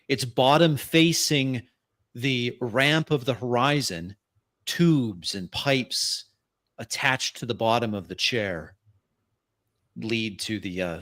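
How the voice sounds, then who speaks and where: Male game master narrating a tabletop game, unhurried and halting, bright voice. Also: medium pitch. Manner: halting descriptive narration with fillers. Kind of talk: narrating a tabletop role-play.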